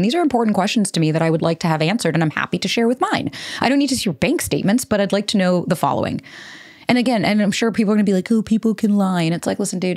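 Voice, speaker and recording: Fast-talking, candid woman. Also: on the low side, darkish tone, no echo, clean studio sound. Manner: candid, swears freely, rapid rambling asides. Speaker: podcast host. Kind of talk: solo podcast monologue.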